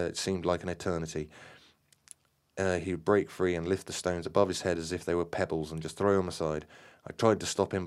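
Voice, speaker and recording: A man's voice: low voice, darkish tone, clean tone, close to an everyday voice. A man voicing a shaken, exhausted man recounting a fight with small hesitations. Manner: plain retelling, with small hesitations.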